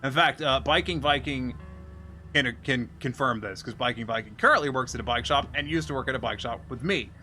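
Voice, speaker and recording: A man in casual chat on a stream, ranting his way through a story with plenty of swearing. His voice is bright and forward at a middling pitch, and faint music plays underneath. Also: a little fast.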